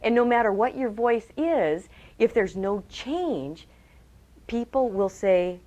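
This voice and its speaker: A woman trainer giving a webcast talk on public speaking. She is lively, asks her audience direct questions and acts out quotes in changed voices. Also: mid-range voice, unhurried. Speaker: communication trainer.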